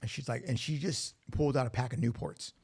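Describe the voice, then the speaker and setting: A man's voice: medium pitch, fairly even intonation, fast, creaky, a little mellow, slightly rough. A man telling his recovery story at a meeting, speaking candidly with swearing and acting out quoted dialogue. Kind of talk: personal testimony. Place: recovery facility meeting room.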